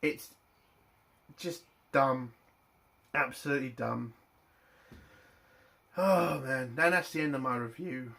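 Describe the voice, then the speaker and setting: A man angrily ranting in a TV review vlog, swearing heavily and breaking into loud indignant bursts. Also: mid-range voice, takes it slowly, creaky, long pauses. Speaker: TV review vlogger.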